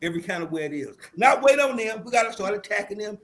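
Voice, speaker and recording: A man's voice: sits high, animated, quick pace, a bit bright. An older man from the American South with a Southern accent, rambling through stories on a casual panel and often saying "hold up, man.". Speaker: panel guest, Marine veteran.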